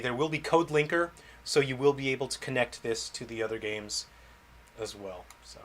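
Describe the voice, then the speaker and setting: Hosting a launch livestream, a game developer plays and casually answers viewers' questions out loud. His voice is medium-pitched with a fairly bright tone, and faint game music plays in the background.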